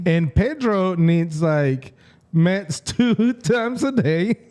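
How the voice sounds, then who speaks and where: A man with a mellow, warm voice co-hosts a casual podcast. He tells stories with lots of laughter and acts out the voices of the people in them. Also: high-pitched, extremely slow. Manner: animated storyteller, laughs often, acts out quotes. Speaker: podcast co-host. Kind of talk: casual chat.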